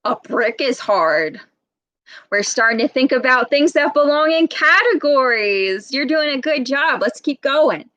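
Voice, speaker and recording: A woman speech therapist leads a read-aloud lesson, patient and questioning. Her voice is fairly high and she talks very slowly. The sound is dry and close. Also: lively intonation, bright, forceful tone, dry recording. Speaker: speech therapist reading to children.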